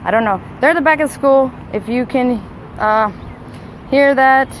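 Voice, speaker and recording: A woman's voice: high-pitched, measured pace, rough recording. A mother filming a live phone stream outdoors behind a school, talking urgently and repeating her demands insistently. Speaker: mother livestreaming a confrontation. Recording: loud outdoor street noise.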